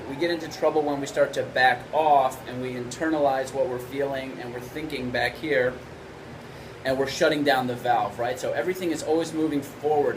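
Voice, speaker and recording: Casting note: male trumpet teacher, mid-pitched, easygoing explainer, steady air conditioning hum behind. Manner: relaxed explaining, frequent "right?" checks. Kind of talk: instructional video lesson.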